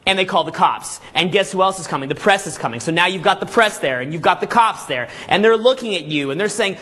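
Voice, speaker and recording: High, bright-voiced man leading a seminar. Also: quick pace, few pauses, breathy edge. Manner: energetic, peppers talk with rhetorical questions and "okay?"; acts out scenes with vivid storytelling. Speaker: seminar speaker. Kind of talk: live seminar lecture to an audience. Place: seminar room with live audience.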